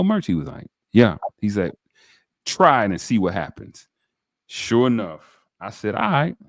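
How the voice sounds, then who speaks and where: Man, podcast host, very deep voice, dry close sound, animated. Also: dry recording. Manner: animated, preacher-like, addresses viewers directly. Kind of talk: enthusiastic interview talk.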